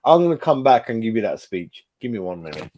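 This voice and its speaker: A man's voice: on the low side, a little fast, noisy background. A man, hosting his own fan channel and reacting live to his chat, swearing a lot. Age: 40s. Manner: sweary, animated, talking to chat.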